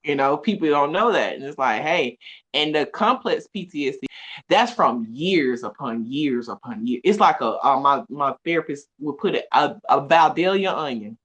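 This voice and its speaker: Woman, podcast guest, expressive, laughs often, lively pitch. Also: normal speed, husky. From Atlanta, USA. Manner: animated, expressive storytelling with frequent laughs. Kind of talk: casual conversation.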